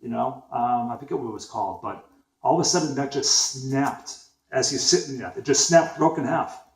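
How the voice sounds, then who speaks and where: A man in his forties with a Boston accent recounts a story in a loose, rambling way. He swears freely and stops often to restart a thought. His medium-pitched voice echoes in a bare room. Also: normal speed, gravelly. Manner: rambling, profane, frequent fillers and restarts. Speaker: vlogger. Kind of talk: casual spoken storytelling.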